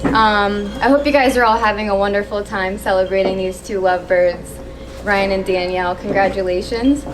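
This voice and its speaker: A young woman giving a maid of honor toast at a wedding reception, reading from her phone and pausing when she gets emotional. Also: mid-range voice, noisy background. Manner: emotional, pausing to steady herself.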